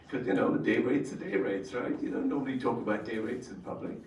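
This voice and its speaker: A male trainer speaks to entrepreneurs at a workshop, drawing the room in with questions. His mid-pitched voice echoes around the space and sounds a little distant from the mic. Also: lively intonation, moderate pace, hardly any pauses, a little hiss or hum. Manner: engaging, asks the audience questions. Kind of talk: storytelling workshop talk to entrepreneurs.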